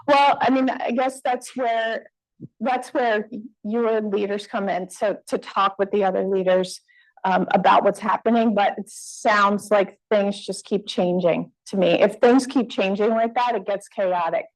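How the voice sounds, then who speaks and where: A woman's voice: mid-range voice, fairly even intonation, measured pace, low-quality recording. A woman presenter answering audience questions at a conference in a conversational way, with fillers and restarts. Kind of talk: Q&A after a talk. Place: conference room.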